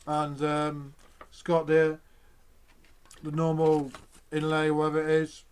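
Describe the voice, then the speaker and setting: A young man talks straight to his viewers in a loose, rambling way, cursing freely as he vents. His voice sits a touch higher than most men's. The delivery is casual chat, unscripted and meandering. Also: monotone, takes it slowly, clean tone. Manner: rambling, swears often, frustrated. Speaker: vlogger.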